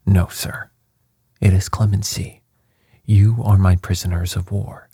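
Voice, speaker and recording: A man reading the part of a stern, commanding sea captain in a cold, measured manner, in an audiobook. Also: low-pitched, flat delivery, warm tone, husky, dry recording, clean studio sound, full character voice. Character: stern, commanding middle-aged male submarine captain.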